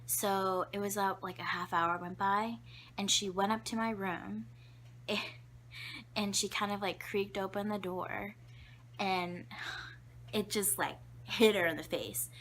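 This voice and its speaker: Bright-voiced chatty young woman. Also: medium pitch, fairly even intonation, slow, a little hiss or hum. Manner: chatty, giggly, lots of fillers; drops to a whisper for asides. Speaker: vlogger. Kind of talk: casual storytelling to camera.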